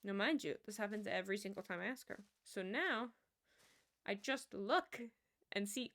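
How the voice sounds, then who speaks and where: A young woman streams and talks casually, wandering from one story to the next and laughing at herself as she goes. Her voice sits at an ordinary middle pitch for a woman. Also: lively intonation, moderate pace, a bit bright. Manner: rambling, self-amused storytelling with frequent laughs.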